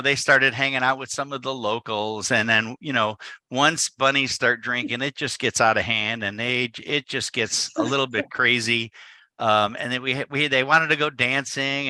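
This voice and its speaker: A man's voice: mid-range voice, bright, forceful tone, no room sound. A man, a photographer, giving a live talk to an audience and telling a playful story that he acts out in little dialogues. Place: event space.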